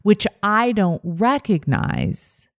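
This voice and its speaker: A woman hosting a podcast as a life coach, teaching in a calm, emphatic monologue with repeated phrases. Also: medium pitch, extremely slow, no echo, clean studio sound.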